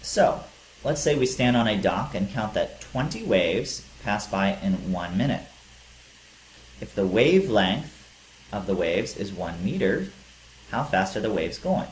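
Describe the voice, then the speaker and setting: A man's voice: on the low side, big pitch swings, a little slow. A male teacher giving a physics lecture, explaining step by step with some fillers. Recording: echoey room with faint hiss.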